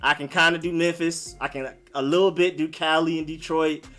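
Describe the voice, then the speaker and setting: A young man, born in Maryland and raised in Atlanta, hosts a casual live stream and answers viewers in a loose, slangy way, full of "like" and "y'all." His voice is on the high side, level and sharp, and he talks fairly quickly.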